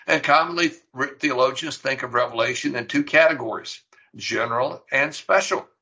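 A man's voice: medium pitch, moderate pace, bright, forceful tone, rough recording. A middle-aged man preaching a sermon, teaching earnestly and emphatically, with rhetorical questions. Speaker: pastor.

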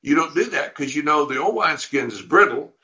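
A man's voice: a little high, expressive, fairly quick, pushed and bright. A man preaching a sermon, reading verses aloud and explaining them, often restarting his phrases. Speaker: pastor. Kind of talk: sermon teaching on scripture.

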